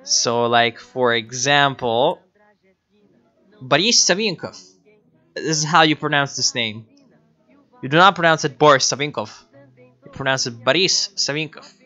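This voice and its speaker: A man giving casual, profane, excitable commentary while livestreaming a strategy game, often laughing. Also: mid-range voice. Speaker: streamer. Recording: dull lo-fi mic with faint music.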